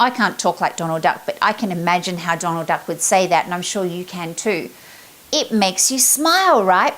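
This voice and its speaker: A middle-aged woman, giving a chatty, upbeat motivational talk as a sales confidence coach. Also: medium pitch. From Australia. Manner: upbeat, chatty, acts out her examples.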